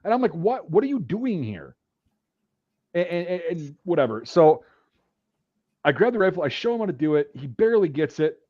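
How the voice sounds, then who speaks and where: Profane, animated man telling army stories. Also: on the high side, quick pace, dull audio. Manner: profane, animated storytelling, acts out yelling. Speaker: podcast host, veteran telling army stories. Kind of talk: casual chat.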